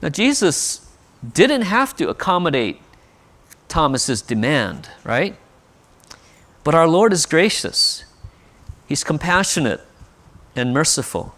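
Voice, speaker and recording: A man's voice: fairly high pitch, sing-song, slow pace, long pauses, a bit bright. A male pastor preaching a sermon in an earnest way, often asking "right?". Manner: earnest, with frequent rhetorical "right?".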